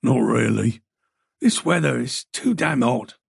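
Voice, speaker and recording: A man's voice: mid-range voice, expressive, a little slow, gravelly, husky, no room sound, clean studio sound, pitched below the performer's own voice, full character voice. A man voicing a tired, uneasy middle-aged male detective in an audiobook, speaking in a guarded way.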